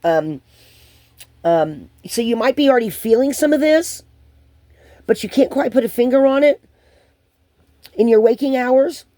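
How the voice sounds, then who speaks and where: A woman giving a channeled spiritual card reading to viewers, hesitant and rambling with many pauses and restarts. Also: fairly high pitch, animated, mellow, no room sound.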